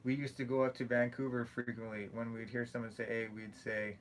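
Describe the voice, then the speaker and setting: With a faint hiss or hum behind him, a young man with a Canadian accent talks a little fast in a mid-range voice while hosting a casual livestream. He reads comments aloud, jokes and chats, growing lively as he recounts stories.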